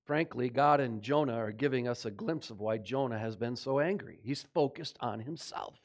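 A man's voice: on the high side, animated, brisk, few pauses. A man preaching a sermon in a conversational way, often asking the congregation questions. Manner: dramatizes voices of God and Jonah in quotes. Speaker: pastor.

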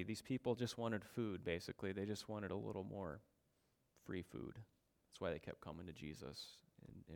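A man's voice: lowish voice, vocal fry. A man preaching a sermon, emphatic and given to repeating his points. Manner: emphatic, repeats phrases for stress.

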